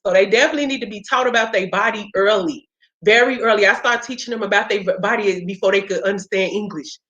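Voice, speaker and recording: A woman's voice: mid-range voice, fast talker, fairly bright tone. A woman hosting a casual chat, telling stories in a blunt, profane, fired-up way. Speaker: podcast host. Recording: roomy, dull lo-fi sound.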